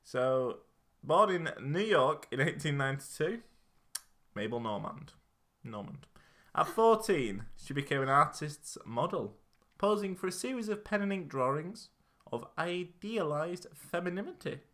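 Bright-voiced joking male podcast host. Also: on the high side, very animated, a little slow. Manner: joking, rambling, with fillers. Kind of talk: casual chat.

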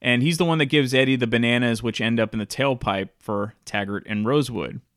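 A man reviewing a film in casual commentary. He sounds chatty and enthusiastic and often restarts his sentences. His voice sits at a middle pitch and is recorded dry. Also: a little fast, a bit bright, no echo.

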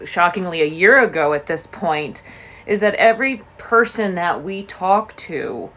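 Co-host: woman, low-ish pitch, slow delivery, casual and stumbling. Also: lively intonation, fairly bright tone. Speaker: podcast co-host. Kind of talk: casual chat.

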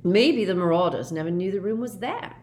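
A woman voicing a laid-back teenage boy wizard who answers in short, flat replies. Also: medium pitch, a little fast, a little hiss or hum, pitched above the performer's own voice, close to an everyday voice. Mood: plain. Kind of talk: audiobook character voice.

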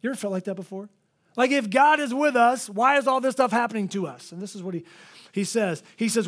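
Male pastor with a high voice, preaching in a church; lively storyteller who voices the people in his stories. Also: fast talker. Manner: animated storytelling, acts out quoted voices. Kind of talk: preached sermon.

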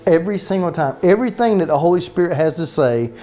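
A man's voice: fairly high pitch, animated, warm tone, faint music behind. A man with a Southern US accent preaching a sermon as pastor, drawing out his words in a folksy way and asking questions of his listeners. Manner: folksy, drawn-out words, asks the room questions.

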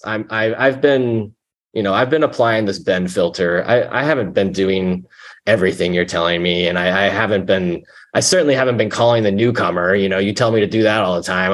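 A man telling his recovery story candidly, rambling and self-deprecating, with many fillers and restarts. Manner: animated when quoting himself, dropping low when reflective. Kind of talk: candid personal testimony.

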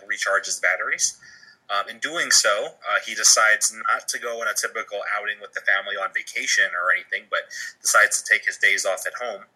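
Man, low voice, very bright sharp tone, film podcast co-host, dry quips, halting fillers. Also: poor audio. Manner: dry quips, hesitant uhs and ums. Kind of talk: casual movie podcast chat.

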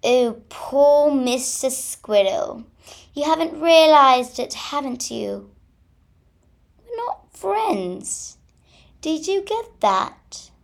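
A woman's voice: high-pitched, big pitch swings, vocal fry, voice pushed up, exaggerated voice. A woman doing a smug, scheming rat. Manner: sneering, drawn-out, smug. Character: scheming selfish male rat.

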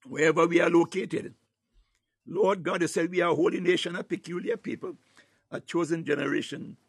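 Man, high pitched voice, fervent prayer leader, calls out to God between phrases, dry close sound. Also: fairly quick, gravelly, breathy edge, dry recording. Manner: repeats "oh God" and "Lord" between phrases, swells from hushed to near-shouting; breaks into tongues. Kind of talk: fervent spontaneous morning prayer.

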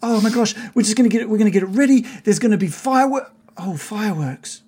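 A man's voice: very high voice, animated, slightly rough, pitched above the performer's own voice, exaggerated voice. A man doing a gushing, overexcited townsman. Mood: excited. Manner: gushing, rapid, loud. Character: overexcited cheerful male townsman.

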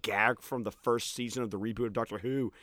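A man's voice: lowish voice, brisk, no echo, studio quality. An American man, an English teacher, chatting casually about a film and quoting lines in mock voices. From United States. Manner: animated, quotes lines in mock voices, laughs often.

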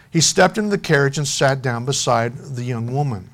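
A man preaching a sermon, telling a story and making an earnest, softening appeal to his congregation. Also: medium pitch, normal speed, few pauses. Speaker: pastor.

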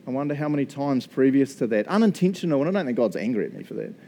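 Middle-aged New Zealand pastor, warm low tone, chatty self-mocking sermon storyteller. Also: male voice, animated, racing, a little hiss or hum.

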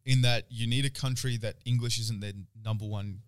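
A man's voice: mid-range voice, steady tone, fairly quick, clean tone, no echo. Crude, joking young Australian man. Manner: crude, joking, laughs often, swears a lot. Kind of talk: casual podcast banter.

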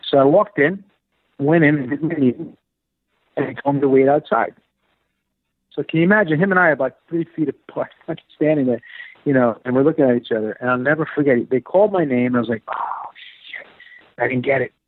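A man telling an animated, filler-heavy story about his acting career, slipping into the voices of the people he quotes. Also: a little high, fast talker, husky, dry recording. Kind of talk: casual storytelling interview. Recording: dry, phone-like narrow sound.

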